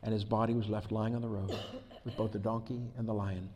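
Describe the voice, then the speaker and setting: A man preaching a sermon as pastor, telling stories that build from quiet to loud and excited, laughing along the way. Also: on the low side, fairly quick, noisy background. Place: church hall. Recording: long hall reverb.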